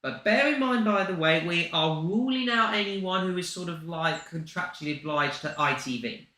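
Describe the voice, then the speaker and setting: Young male co-host, casual banter, very bright tone, echoey room. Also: fairly high pitch. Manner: chatty, quick to joke. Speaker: livestream co-host. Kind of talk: casual chat.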